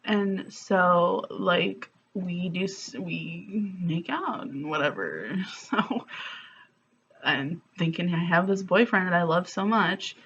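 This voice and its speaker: A woman's voice: on the low side, animated, slow pace, a bit bright, slight background noise. Candid woman vlogger, lo-fi sound. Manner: candid, emotional, many fillers like "like" and "um". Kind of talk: confessional storytelling vlog.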